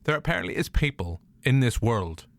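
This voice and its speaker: A man's voice: mid-range voice, very animated, fairly quick, no echo. A man with a Northern Irish accent hosting a podcast, chatting casually in a jokey, rambling way. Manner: jokey, rambling storyteller who laughs often. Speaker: podcast host. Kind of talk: casual chat.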